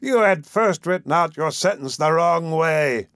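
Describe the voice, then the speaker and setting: A man voicing an excitable old professor, gruff. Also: medium pitch, a little slow, dry recording, clean studio sound. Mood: triumphant. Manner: exclamatory, bursting out in cries. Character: excitable elderly male professor, gruff and obsessive.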